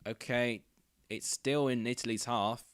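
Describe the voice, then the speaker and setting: A young man hosting a football watchalong, chatting casually and calling the match live, getting loud and excited when chances come close. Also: mid-range voice, measured pace, clear, resonant tone, dry recording. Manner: chatty, rambling, bursts into excited shouts at near misses.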